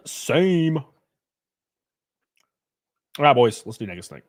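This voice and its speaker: A man's voice: mid-range voice, sing-song, extremely slow, dry recording, clean studio sound. Loose, jokey male streamer. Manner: loose, jokey, slangy, reads chat aloud. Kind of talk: casual live-stream chat.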